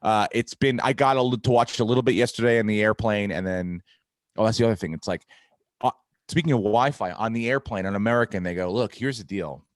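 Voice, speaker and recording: A middle-aged podcast host with a lowish voice talks fast in a clean, echo-free studio recording. Chatting casually, he tells a comic story, cursing freely and performing the voices of the people involved.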